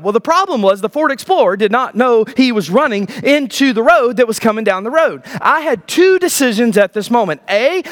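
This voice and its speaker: A pastor in his thirties preaches a sermon, firing off rhetorical questions and dropping to low, emphatic lines.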